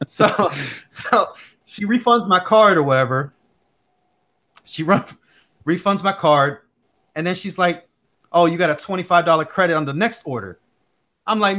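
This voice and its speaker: A man with a fairly high, bright and forceful voice, chatting on a casual tech livestream. He tells stories in an animated, slangy way, full of fillers and repeated phrases. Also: moderate pace. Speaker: tech channel host.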